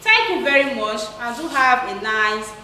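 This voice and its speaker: A woman teacher giving a slow, repetitive recorded English lesson. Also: fairly high pitch, expressive, sharp tone, slight background noise. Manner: slow, repetitive, instructional, repeats key phrases. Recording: echoey room, voice from far off.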